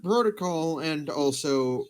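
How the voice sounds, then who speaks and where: A man narrating as game master for a tabletop role-playing session, relaxed and laughing, often stopping to hunt for a word. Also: a little high, takes it slowly. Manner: loose, laughing, searching for words.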